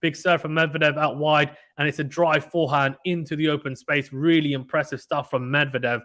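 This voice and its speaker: A man giving casual, excitable play-by-play commentary of a tennis match from home, chatting with viewers between points. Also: fairly high pitch, a little fast. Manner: chatty, excitable, reacts loudly to misses. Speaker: live stream commentator.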